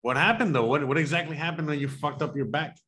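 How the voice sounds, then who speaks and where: A man streaming a game, chatting casually with loud, crude joking and plenty of swearing. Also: fairly high pitch, fast talker, slight background noise. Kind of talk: casual gaming chat.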